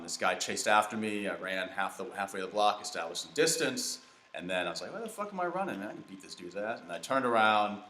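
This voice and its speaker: This comedy podcast host's voice sits low but comes across bright and forceful as he plays a video game and chats casually. His stories ramble, with plenty of fillers and restarts. Slight background noise and an echoey room color the recording.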